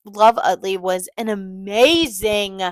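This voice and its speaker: A woman's voice: medium pitch, slow pace. A young woman co-hosting a podcast, gushing about books in casual chat and swearing freely. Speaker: podcast co-host.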